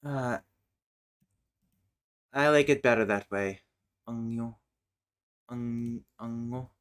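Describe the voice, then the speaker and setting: A man's voice: medium pitch, slow, clean tone. A man thinking aloud in fragments while chatting casually as a streamer. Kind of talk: casual chat while working on a language.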